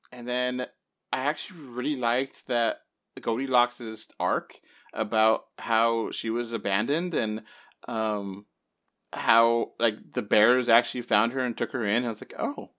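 A man's voice: mid-range voice, takes it slowly. Guy rambling thru a spoiler chat, lots of ums, acts out his reactions. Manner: rambling, lots of fillers and animated quoted reactions. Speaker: podcast host. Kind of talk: casual movie spoiler chat.

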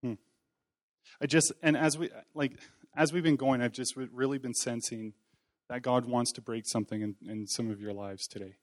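A man's voice: mid-range voice, steady tone, normal speed. A man preaching an informal sermon in a church hall, talking in a conversational, folksy way with self-deprecating humor. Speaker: lay preacher.

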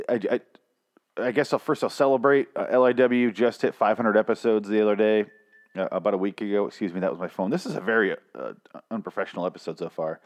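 A man hosting a podcast, ranting in a casual, sarcastic review full of swearing. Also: on the low side. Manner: profane, sarcastic, frustrated. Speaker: podcast host.

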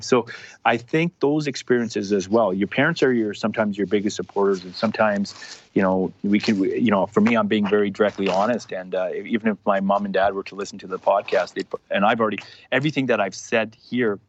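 A man's voice: lowish voice, steady tone, brisk. A man in his thirties, a former hockey player, chatting casually as a podcast guest, rambling with many restarts and fillers. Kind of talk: casual interview chat. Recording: dull lo-fi sound with faint noise.

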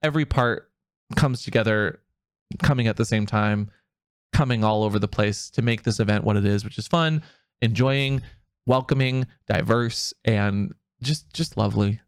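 A man co-hosting a podcast in casual chat, excitable and animated, laughing often. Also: lowish voice, moderate pace, smooth, no room sound, studio quality. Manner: bangs on the table while talking. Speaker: podcast co-host.

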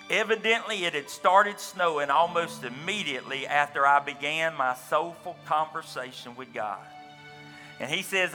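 Bright-voiced male pastor in an echoing hall. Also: fairly high pitch. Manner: storytelling, retelling another man's account with quoted dialogue. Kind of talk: sermon.

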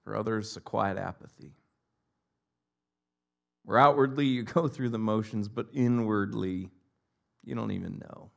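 A male pastor preaching a sermon, swinging between loud impassioned cries and hushed, almost whispered lines. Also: on the low side, a little slow, vocal fry, long pauses.

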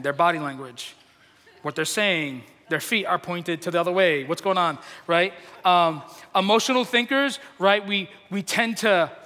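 Brief: emotional male preacher, bright and forceful, loose and chatty, in a church hall. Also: high voice. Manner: chatty, self-deprecating, laughs often; emotional, gets loud. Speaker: pastor. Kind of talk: sermon. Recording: long hall reverb.

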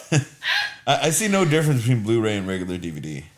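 A man's voice: mid-range voice, huge pitch swings, normal speed. A man co-hosting a podcast in casual chat, hesitant and repeating words as he jumps in.

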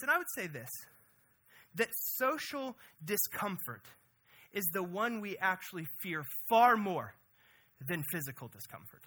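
High bright energetic male preacher. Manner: energetic, conversational preaching with frequent "right?". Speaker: pastor. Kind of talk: sermon.

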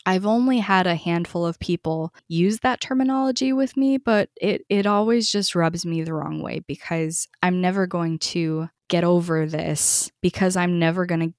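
A young adult woman speaking in a fairly low voice, earnest and candid as she tells her story to a podcast host. Her voice is measured and steady. The recording is close and dry, with no room sound. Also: no room sound. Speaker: podcast guest, bereaved mother. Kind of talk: personal story in a podcast interview.

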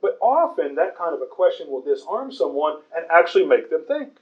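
A man's voice: on the high side, very animated, a little fast, dull audio. A man preaching a conversational Bible sermon in an earnest way, often stumbling over repeated words.

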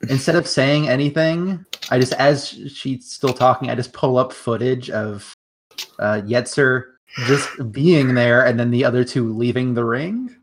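A player in a tabletop role-playing game, laying out their character's moves deliberately. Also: mid-range voice.

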